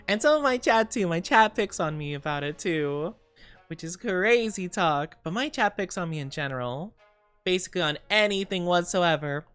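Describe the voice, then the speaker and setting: A woman's voice: fairly low pitch, lively intonation, moderate pace, fairly bright tone, smooth, faint music behind. A young woman streaming casually, chatting with viewers in a bubbly, giggly way with cutesy slang. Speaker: VTuber streamer. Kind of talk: casual live-stream chat, greeting viewers.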